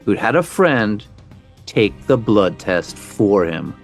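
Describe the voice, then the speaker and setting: A man's voice: on the low side, very animated, takes it slowly, soft background music. A man co-hosting a true-crime podcast, telling the story with wry, conversational asides. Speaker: podcast co-host.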